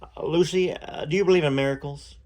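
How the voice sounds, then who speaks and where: A man putting on a gentle young singer from the South, meek and earnest, tripping over his words. The voice sits higher than an ordinary reading voice and carries a soft Southern twang in a storybook reading. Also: fairly even intonation, brisk, natural voice. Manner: stammering, hesitant, soft-spoken.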